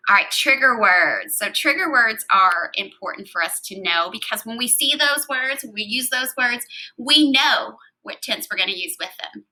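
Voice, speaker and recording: Bright-voiced woman teaching Spanish grammar. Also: a little high, lively intonation, moderate pace, rough recording. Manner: clear step-by-step explaining. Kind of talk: recorded classroom lecture.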